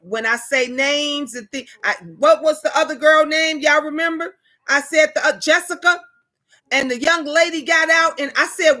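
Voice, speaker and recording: Bright-voiced woman telling reading stories. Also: high-pitched, measured pace. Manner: animated storytelling, quoting spirits and viewers in character. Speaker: tarot reader and channel host. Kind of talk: casual livestream chat.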